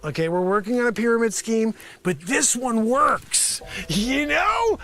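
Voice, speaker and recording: Brash, bright-voiced rambling comic salesman. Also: very high-pitched, expressive, unhurried. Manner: swings between mumbled asides and sudden shouted outbursts. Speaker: comedy show host pitching a mock product. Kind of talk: improvised comedy sketch, one-man parody pitch.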